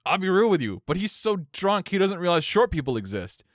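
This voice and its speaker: A young man telling a long story in casual podcast chat, animated and swearing freely. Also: sits high, fairly quick, no echo, clean studio sound. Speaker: podcast co-host.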